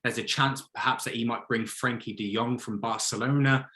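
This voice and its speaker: A man in a casual football chat, talking with blunt, animated conviction. He sits at a middling pitch and often slips into mock quotes of other people. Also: moderate pace. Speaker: podcast co-host, football fan.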